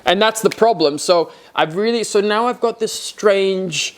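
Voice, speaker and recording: A young man with a softened Australian accent that leans American, chatting casually and getting animated when frustrated. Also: unhurried, a crowd in the background. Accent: Australian, softened toward American. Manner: animated, rises sharply in pitch when frustrated. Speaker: co-host of a horse channel Q&A. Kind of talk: casual chat.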